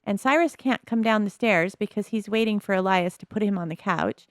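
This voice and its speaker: A woman's voice: mid-range voice, fairly quick, few pauses, no room sound, studio quality. A woman giving casual, amused commentary on her life-sim game as a video host. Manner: chatty, amused, narrates the characters' thoughts.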